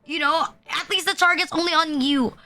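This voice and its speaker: A woman's voice: very high-pitched, steady tone, moderate pace, sharp tone. A woman streamer ranting casually to her chat, filling every sentence with "like" and swearing freely. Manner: heavy filler "like", swearing, exasperated ranting. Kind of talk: casual livestream rant. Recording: faint music behind.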